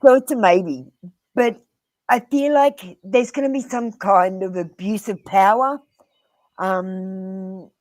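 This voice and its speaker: An Australian woman reads tarot cards live for her viewers, speaking bluntly and earnestly and calling each one by name. Her voice sits at a middle pitch. The sound is dry and close, with no room around it. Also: darkish tone, no room sound. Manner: frequent ums and pauses. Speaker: tarot reader. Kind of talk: live-streamed tarot reading.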